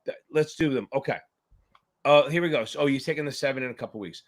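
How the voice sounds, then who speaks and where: A man's voice: mid-range voice, fast talker, slight background noise. A man hosting a live exam-prep Q&A stream, chatting casually with jokes and profanity. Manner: joking, profane, rambling.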